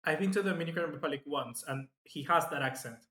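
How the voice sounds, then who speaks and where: A man hosting live football match reaction commentary, chatty and excitable, reading out viewer comments. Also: fairly high pitch, fast. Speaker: football fan channel host. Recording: echoey room.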